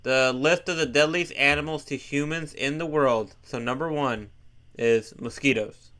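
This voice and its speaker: A man in a casual chat who reads facts aloud to his friends and teases them. His voice is bright and smooth. He laughs easily between points. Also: mid-range voice, normal speed.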